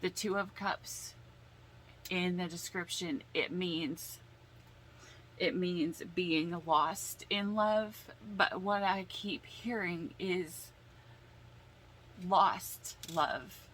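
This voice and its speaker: A woman reads tarot cards in a casual, heartfelt way, often pausing to sigh and steady herself against tears. Her voice sits a little low and she takes her time over every phrase. A faint hiss of noise sits under the recording. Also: rough recording. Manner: slow, emotional, sighing and holding back tears. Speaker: tarot reader.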